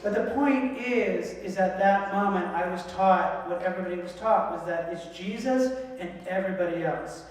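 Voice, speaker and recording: A man delivers a sermon with lively humor, acting out the voices of people in his stories. His voice sits high, and he sounds far from the mic, with a long, roomy echo filling the church hall around him. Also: slight background noise. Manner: animated, joking, acts out voices in quotes. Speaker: guest speaker.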